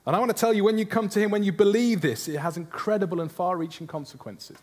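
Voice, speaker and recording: Man, sermon, earnest preacher, slightly high voice, rhetorical questions. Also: fast, darkish tone.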